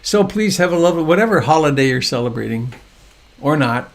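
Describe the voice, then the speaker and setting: An older man gives a gentle dharma talk over a video call, unhurried and lightly humorous. His voice sits a little high and carries a gravelly fry. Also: lively intonation. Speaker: meditation teacher.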